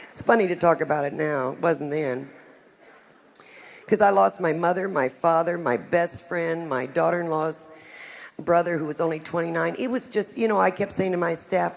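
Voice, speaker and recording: A woman's voice: on the low side, normal speed, creaky. A middle-aged woman, a psychic, giving a live talk to a group with frank, wry, humorous storytelling.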